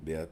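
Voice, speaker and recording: A man with a very deep voice chatting casually and rambling as he reacts live to a game showcase. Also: a little mellow. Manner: rambling, laughs often, many "like" fillers.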